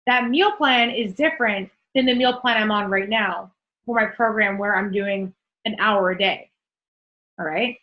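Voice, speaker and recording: A young adult woman fitness coach giving an energetic, chatty motivational talk on a group call, swearing casually. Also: medium pitch, moderate pace, dull audio.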